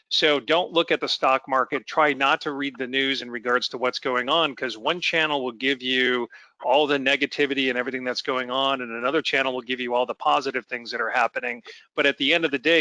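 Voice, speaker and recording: An earnest man answering questions as a panelist on a video call, reassuring and measured in his delivery. His voice is bright and forceful with a gravelly fry, recorded dry and close. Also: mid-range voice, no room sound, low-quality recording.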